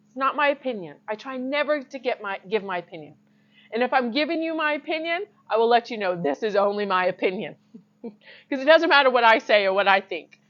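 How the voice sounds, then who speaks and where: A woman's voice: a little high, fairly bright tone, lo-fi sound. A woman giving an informal, earnest sermon to camera, emphatic and laughing often. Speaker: Christian teacher.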